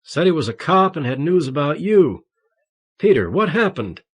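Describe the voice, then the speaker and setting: A man's voice: on the high side, very animated, normal speed, slightly rough, pitched above the performer's own voice. A male audiobook reader voicing a young male teacher just recovered from torture, ragged and agitated. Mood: shaken.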